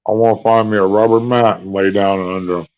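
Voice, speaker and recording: A man hosting a live stream, chatting in a slow, folksy drawl. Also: on the low side, steady tone, highs cut off. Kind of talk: casual chat. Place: hospital room.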